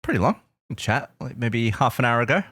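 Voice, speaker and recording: A man's voice: mid-range voice, expressive, normal speed, a bit bright, dry recording. English guy on a podcast call, giggly and sheepish, voice jumps around, dry sound. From England. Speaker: podcast co-host. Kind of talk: casual chat. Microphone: remote call mic.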